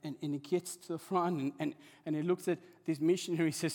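An impassioned male pastor delivers a sermon in a high voice, often doubling words as he builds momentum. His words ring through a hall with a long, trailing reverb. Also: steady tone, quick pace, hardly any pauses, darkish tone. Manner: impassioned, repeats words when stirred.

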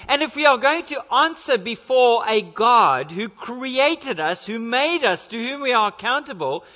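A man's voice: very high-pitched, big pitch swings, unhurried, sharp tone. A male pastor preaching an earnest sermon in a church, driving his points home with repeated rhetorical questions. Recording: dull lo-fi sound with long church reverb.

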